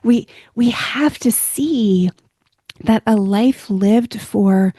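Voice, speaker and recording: A woman's voice: a little high, very slow, mellow, no echo. A woman talking thoughtfully and agreeing in a casual podcast conversation.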